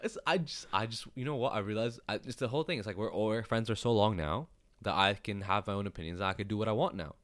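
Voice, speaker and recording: A young man co-hosting a podcast, talking quickly in a casual, teasing chat and laughing often. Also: on the low side, a bit bright, no echo. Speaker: podcast co-host.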